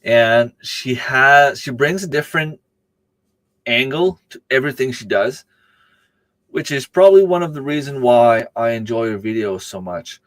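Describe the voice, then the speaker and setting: A man's voice: mid-range voice, lively intonation, a little slow, a bit bright, no echo. A man hosting a casual livestream, rambling along and answering viewers' chat comments with plenty of ums and uhs. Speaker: livestream host.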